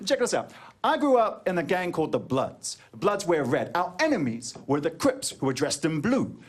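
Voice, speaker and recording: A man's voice: a little high, sing-song, moderate pace, husky. A man with a New Zealand accent performing a stand-up comedy set, telling jokey stories and slipping into put-on voices. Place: comedy venue stage before a live audience. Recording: crowd laughter and background noise on a live recording. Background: audience laughter.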